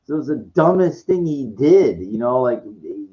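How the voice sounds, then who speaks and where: A man's voice: medium pitch, very animated, normal speed. A tired, sugar-hyped man rambling in a casual monologue, full of stuttering restarts and swearing, on a dull lo-fi recording. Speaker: channel host.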